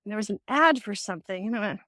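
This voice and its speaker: A woman's voice: mid-range voice, lively intonation, racing, pushed and bright, no room sound, clean studio sound. A middle-aged woman hosting a casual faith-based talk, telling stories with animation and acting out the voices she quotes. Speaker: host.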